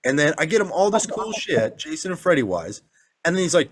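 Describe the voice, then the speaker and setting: A man with a slightly high voice talks briskly while co-hosting a podcast. He is a father whose casual chat is full of animated, profane stories, with the quotes acted out.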